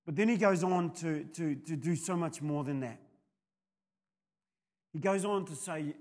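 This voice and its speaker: A male pastor with a New Zealand accent preaching a sermon, telling rambling anecdotes that build to loud, emphatic peaks. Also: fairly high pitch, unhurried, pauses often.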